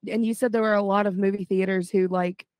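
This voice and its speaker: A woman's voice: mid-range voice, steady tone, quick pace, a little mellow, no room sound. A woman co-hosting a podcast who giggles and blurts out movie quotes and crude jokes in casual chat. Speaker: podcast co-host.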